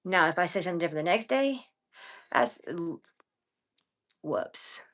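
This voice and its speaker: A woman ranting bluntly and profanely to her live chat, rambling between quiet mutters and loud bursts. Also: fairly low pitch, lively intonation, normal speed. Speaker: livestreamer. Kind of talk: casual livestream rant.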